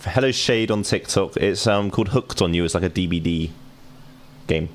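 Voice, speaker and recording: A man's voice: low voice, moderate pace. A young man streaming a game, chatting casually and cracking sarcastic jokes while he reads the game text aloud. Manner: joking, sarcastic asides while reading. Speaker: gaming streamer. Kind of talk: casual let's-play commentary, reading game text aloud.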